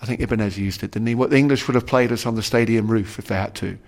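A lowish-voiced man talks very fast. Middle-aged and a former rugby player, he's the guest in a relaxed conversational interview, wandering through his points with repeated restarts and frequent "you know."

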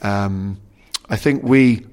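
A middle-aged former rugby player rambles as a guest in a casual conversational interview, full of restarts and "you know." His voice is fairly low, darkish, and clean in tone, and he speaks extremely slowly.

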